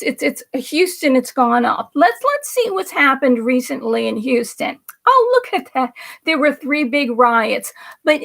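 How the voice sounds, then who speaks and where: A woman's voice: high-pitched, vocal fry. A woman hosting a political commentary livestream, talking in a rambling, emphatic way and now and then dropping to a whisper for effect. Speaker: livestream host.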